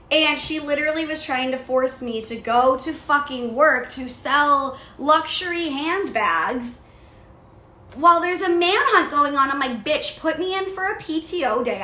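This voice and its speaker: A young woman hosting a podcast, telling a personal story in casual, profane, animated talk. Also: on the high side. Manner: profane, animated retelling with quoted outbursts. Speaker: podcast host. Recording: echoey room with faint noise.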